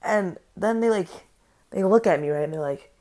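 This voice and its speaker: A woman's voice: fairly low pitch, normal speed, dark tone. A woman telling a story for her vlog, rambling, swearing a lot and sounding incredulous. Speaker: vlogger. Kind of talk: casual story time.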